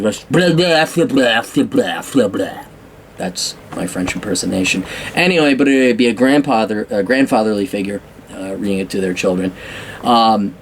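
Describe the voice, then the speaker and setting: A man talks through a film review in an unscripted, wandering way. His voice sits at an ordinary middle pitch. He stumbles over restarts and drops in profanity and self-mocking remarks as he goes. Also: a little hiss or hum. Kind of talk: casual off-the-cuff film review.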